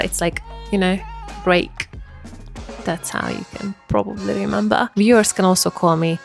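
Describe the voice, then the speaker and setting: A woman's voice: medium pitch, vocal fry. A woman from Hungary with a Hungarian accent, chatting casually and self-deprecatingly, with plenty of "like", in a get-to-know-me vlog. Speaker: vlogger.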